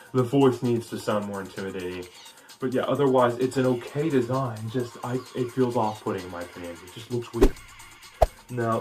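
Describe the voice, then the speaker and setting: A man's voice: medium pitch, a little mellow. Rambling, opinionated male commentator. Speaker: video commentator. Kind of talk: casual critique commentary.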